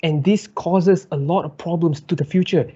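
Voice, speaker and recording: Brief: young male debater, husky mellow voice, fervent rhetorical delivery, dull lo-fi dry sound. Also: fairly high pitch, moderate pace, dry recording. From Malaysia. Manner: impassioned, rhetorical, builds in lists and repetition. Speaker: student debater. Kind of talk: competitive debate speech.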